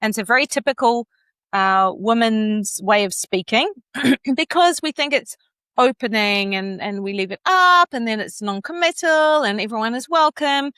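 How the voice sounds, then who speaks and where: A woman vocal coach giving conversational advice, animated and laughing now and then as she demonstrates pitch. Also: normal speed, clear, resonant tone, dry recording.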